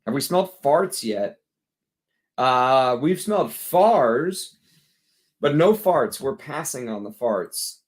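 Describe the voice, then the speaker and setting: A tired man with a Texas accent hosts a late-evening livestream in a loose, chatty way. His voice sits at an ordinary middle pitch, and he talks bluntly as he answers viewers' comments. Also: animated, takes it slowly. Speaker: fragrance livestream host. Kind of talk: casual livestream chat.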